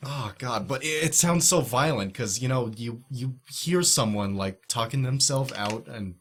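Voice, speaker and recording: A man's voice: medium pitch, animated, moderate pace, breathy edge. A young man in casual podcast chat, rambling, sarcastic and swearing a lot.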